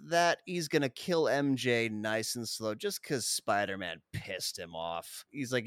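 A man's voice: mid-range voice, animated, a little slow, a bit bright, dry recording, studio quality. A man recapping a movie scene by scene in a casual, rambling way, swearing freely. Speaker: podcast co-host recapping a film. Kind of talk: casual profane film recap.

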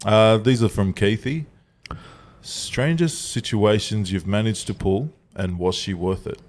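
A young Australian man with a lowish voice swaps crude stories with his mates on a podcast, laughing as he goes. His talk is loose, casual banter. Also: measured pace, darkish tone. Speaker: podcast co-host.

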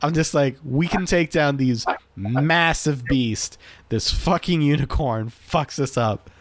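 Man, mid voice, animated swearing game stories, dry sound. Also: fairly high pitch, takes it slowly, dry recording. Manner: animated storytelling, swearing, fillers. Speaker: podcast co-host. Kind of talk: casual gaming chat.

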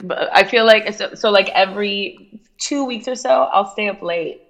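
A woman's voice: mid-range voice, moderate pace, a bit bright. A young woman talking casually on a podcast, rambling with frequent filler words and loose swearing. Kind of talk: casual chat.

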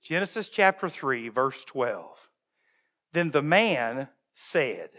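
A male pastor preaching a humorous, animated sermon and acting out voices, recorded in a church. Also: high-pitched, slow pace, long reverb tail.

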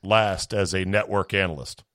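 A man hosting a sports talk show, blunt and quick with questions. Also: low voice, a bit bright, no echo.

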